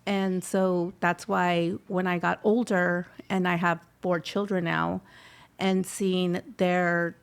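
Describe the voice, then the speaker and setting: A woman's voice: lowish voice, little pitch movement, slow pace, creaky, clear, resonant tone. A middle-aged woman telling her personal story in an interview, heartfelt, slipping Spanish phrases into her English. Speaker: scholarship recipient guest.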